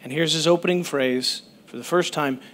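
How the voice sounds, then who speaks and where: A man pastor giving a sermon in a conversational, animated way, often breaking off mid-sentence to restart. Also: on the high side, normal speed.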